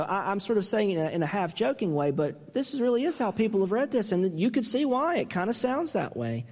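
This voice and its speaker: Emphatic preaching man, high voice, echoing hall. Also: big pitch swings, moderate pace, a little mellow. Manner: earnest, emphatic preaching with rhetorical questions; voice climbs high when mimicking a harsh reading. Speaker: pastor. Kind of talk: sermon.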